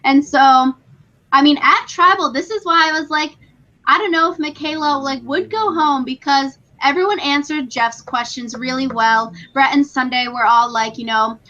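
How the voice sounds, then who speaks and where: Bright, high-voiced young woman chatting. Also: moderate pace, dull audio. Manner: chatty, excitable, frequent "like" and laughs. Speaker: podcast co-host. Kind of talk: casual chat.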